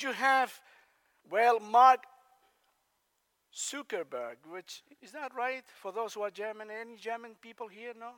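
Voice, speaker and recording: Male preacher from Spain, very high voice, conversational sermon, long reverb of a large hall. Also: a bit bright. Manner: conversational, asks the congregation questions.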